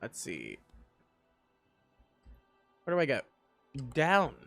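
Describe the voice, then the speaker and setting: A man's voice: fairly high pitch, wildly swooping pitch, drawn-out words, gravelly, sharp tone, soft background music. A young man streaming a game live, joking about himself and chatting with his viewers. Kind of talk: live gameplay chat.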